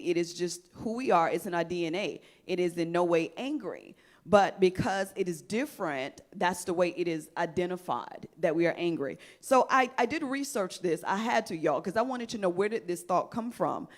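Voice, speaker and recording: A woman hosting a panel talk show, speaking emphatically and addressing the panel directly. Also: on the low side.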